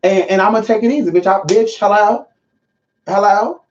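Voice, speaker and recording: A sassy woman streams from home and rants casually about spiritual classes with an emphatic, profane edge. Her voice sits at a middling pitch. The audio is a little dull and lo-fi. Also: normal speed, darkish tone, a little hiss or hum. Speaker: spiritual teacher hosting a livestream. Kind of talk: casual livestream rant.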